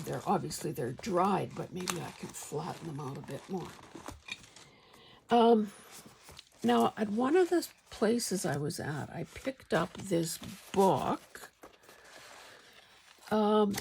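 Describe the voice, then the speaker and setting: Slow, gravelly-voiced woman crafting vlogger. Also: medium pitch, slight background noise. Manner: rambling and conversational, with frequent fillers. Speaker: crafting channel host. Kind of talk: casual show-and-tell vlog.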